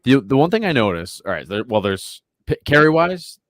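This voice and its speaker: A man's voice: medium pitch, sing-song, normal speed. A man co-hosting a casual bowling podcast, rambling with many fillers and laughing often. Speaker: podcast co-host.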